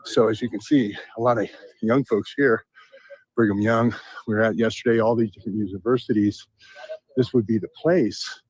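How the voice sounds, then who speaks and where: A man's voice: on the low side, fairly even intonation, fairly quick, no echo. A man giving casual, rambling commentary over video clips as a channel host, posing rhetorical questions.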